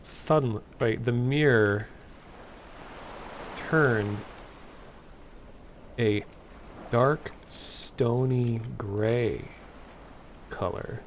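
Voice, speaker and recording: A man's voice: mid-range voice, slight background noise. A man streaming live, reading a computer-generated story aloud with frequent stops and corrections. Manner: halting, stops and corrects himself mid-sentence.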